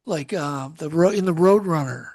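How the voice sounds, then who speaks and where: A middle-aged man telling a strange story as a podcast guest, animated and acting out what people said. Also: fairly high pitch, moderate pace. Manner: animated storyteller, acts out quotes.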